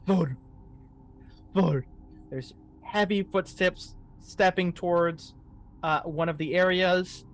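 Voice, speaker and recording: A man running a tabletop horror game as game master, narrating scenes slowly for suspense. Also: high voice, fairly even intonation, a bit bright.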